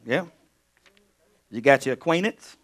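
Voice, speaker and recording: A male pastor teaching a sermon in an animated way, dropping to quiet asides and then rising to loud, emphatic bursts. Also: mid-range voice, measured pace.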